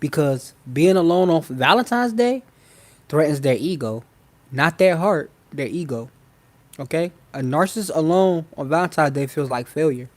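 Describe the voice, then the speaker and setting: A man runs a live online masterclass in a slangy, informal voice that sits slightly high for a man. He hammers his points through repetition and keeps checking that his listeners are following. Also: lively intonation, moderate pace. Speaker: self-help channel host. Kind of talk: live-stream masterclass lecture.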